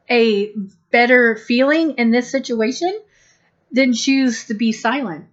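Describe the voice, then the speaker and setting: Slow-spoken woman channeling spiritual guidance. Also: fairly high pitch. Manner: slow, gentle and deliberate, acting out little quoted exchanges. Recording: dull lo-fi recording.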